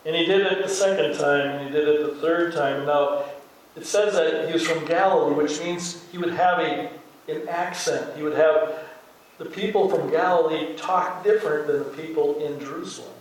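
A man's voice: a little high, normal speed. An older man with a Midwestern American accent, preaching a sermon as a pastor in a conversational storytelling way, acting out the lines he quotes. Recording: very echoey hall, voice from far off.

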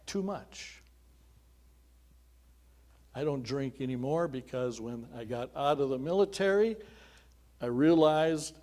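A man's voice: medium pitch, takes it slowly, long pauses, a little mellow. A middle-aged man preaching a sermon, telling his own story in an earnest, conversational way with small chuckling asides. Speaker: pastor. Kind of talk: sermon with personal testimony.

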